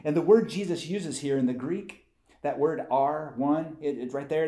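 A man's voice: on the high side, normal speed, warm tone. Man preaching in an echoey room. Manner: conversational preaching, building to emphatic peaks. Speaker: pastor. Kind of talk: sermon. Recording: roomy echo.

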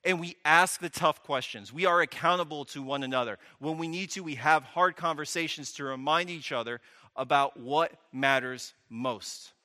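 Bright-voiced pastor preaching in a hall. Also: male voice, fairly high pitch, moderate pace. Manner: conversational, asks the audience questions, wry asides. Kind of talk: sermon.

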